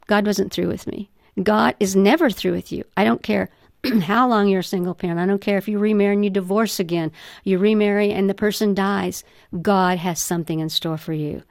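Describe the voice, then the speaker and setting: A woman's voice: medium pitch, steady tone, fairly quick, vocal fry, darkish tone, dry recording, studio quality. Earnest older woman telling her story. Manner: earnest, heartfelt testimony. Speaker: guest author. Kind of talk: candid interview storytelling.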